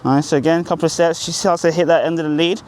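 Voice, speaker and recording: A man's voice: fairly high pitch, steady tone, fast talker, a little mellow. A man working as a dog trainer, coaching an owner outdoors on a group walk. He is upbeat and encouraging, with sing-song praise for the dog.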